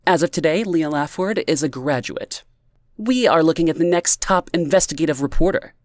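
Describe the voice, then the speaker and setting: A woman's voice: low-pitched, animated, moderate pace, darkish tone, dry recording, clean studio sound, pitched above the performer's own voice. A man voicing a bubbly, tipsy young woman who teases and exclaims in an audiobook reading. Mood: teasing. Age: young adult. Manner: teasing, exclaiming.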